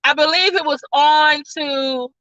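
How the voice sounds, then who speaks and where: A woman's voice: high-pitched, measured pace, sharp tone, no room sound, highs cut off. A woman reviewer retelling a movie plot in a casual, rambling way, full of "like" and "all of a sudden.". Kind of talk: casual spoiler-filled plot recap.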